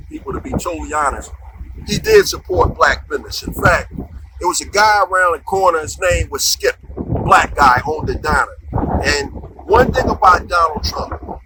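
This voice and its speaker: A man spins a comic story in loose, colloquial talk, his voice leaping widely in pitch. He sits a bit higher than most men. A clear layer of noise runs under the recording. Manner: animated, conversational, colloquial.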